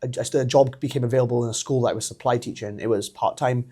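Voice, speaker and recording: A man's voice: medium pitch, quick pace, husky. Chatty welsh man telling a story. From Wales. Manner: animated, laughs often, acts out quoted voices. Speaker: podcast guest, pro wrestler. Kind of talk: casual storytelling interview.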